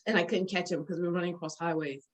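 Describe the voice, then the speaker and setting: A woman in her forties telling old stories in a casual conversation, animated and often breaking into laughter, with lots of fillers. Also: on the low side, very fast, rough recording. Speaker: guest sharing memories.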